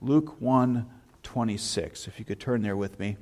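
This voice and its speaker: A man, a pastor, preaching in a church and telling lively anecdotes in a casual sermon style. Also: lowish voice, unhurried. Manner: storytelling, animated anecdotes with shouted imitations. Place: church sanctuary.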